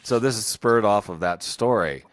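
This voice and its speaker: A man's voice: fairly low pitch, moderate pace, fairly bright tone, no echo, clean studio sound. A man co-hosting a podcast, chatting in an easygoing way and asking questions. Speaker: podcast co-host. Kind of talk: casual chat.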